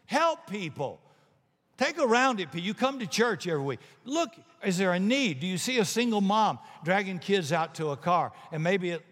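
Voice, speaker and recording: Pastor preaching in a reverberant church. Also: male voice, a little high. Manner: conversational, emphatic preaching with joking asides. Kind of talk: sermon. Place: church sanctuary. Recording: long hall reverb.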